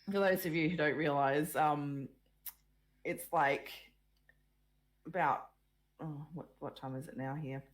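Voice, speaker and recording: Woman, panel host, low voice, unhurried, croaky morning voice, video call. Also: steady tone. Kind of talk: casual panel discussion. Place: at home in Australia very early morning.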